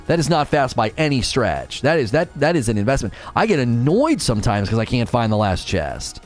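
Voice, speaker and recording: A man chats casually on a gaming live stream, reading out viewer comments and answering them. His mid-pitched voice moves in a lively way, and at times he talks very fast. Faint music plays underneath. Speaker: game streamer.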